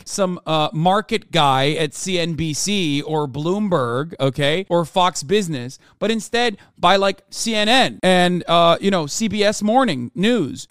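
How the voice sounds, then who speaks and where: A man hosting a stream, giving profane, animated political commentary on news clips. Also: high voice, smooth, dry recording, clean studio sound. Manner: profane, animated, swings into mocking voices. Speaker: streamer host.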